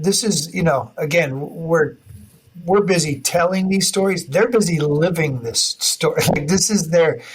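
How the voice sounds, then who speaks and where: A man hosting a podcast, speaking emphatically and excitably. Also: a little high, husky, rough recording. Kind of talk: casual podcast chat.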